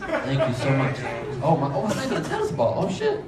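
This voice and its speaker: Comedian, man, high voice, brash and profane, roasting the crowd; echoey club sound from a distance. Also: huge pitch swings, fast talker. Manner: brash, profane, teasing, laughing. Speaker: stand-up comedian. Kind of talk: improvised crowd work. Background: audience laughter and chatter.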